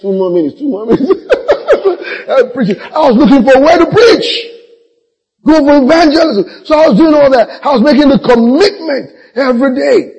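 Through humorous personal anecdotes, a middle-aged man preaches a sermon, laughing frequently and imitating the voices of the people involved. His voice is very high and darkish, at a moderate pace, with the long echo of a large hall around it.

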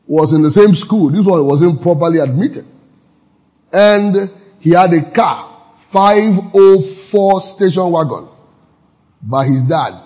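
A man's voice: on the high side, a little slow, warm tone. An older man with a Nigerian accent preaching a sermon to his church, emphatic, repeating key phrases and laughing at his own jokes. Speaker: pastor. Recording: reverberant church hall.

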